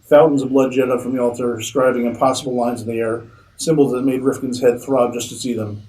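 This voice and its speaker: A man, an author, reading his own fiction aloud at a convention in a steady narrating manner. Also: medium pitch, a little fast, low-quality recording.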